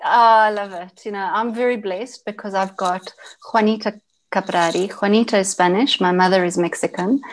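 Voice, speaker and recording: A woman from South Africa, a podcast guest talking in a relaxed, expressive way and laughing easily. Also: mid-range voice, moderate pace. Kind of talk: casual interview chat.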